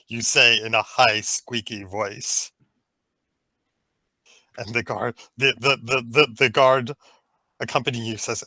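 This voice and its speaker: A man leading an improvised story game, narrating playfully with halting restarts. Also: medium pitch, pushed and bright, no echo, rough recording.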